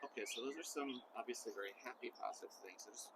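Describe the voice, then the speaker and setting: A man's voice: mid-range voice, rapid-fire, noisy background. A young adult man interviewing his mother, hesitant and full of fillers before each question. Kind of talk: casual family interview.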